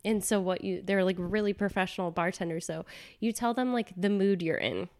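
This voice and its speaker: Stuffy-nosed young woman, chatty podcast cohost, lots of likes and ums, mid pitch. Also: fairly quick. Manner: chatty, animated, frequent laughs and "like" fillers. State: sick, nasal from a cold. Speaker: podcast co-host. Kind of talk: casual chat.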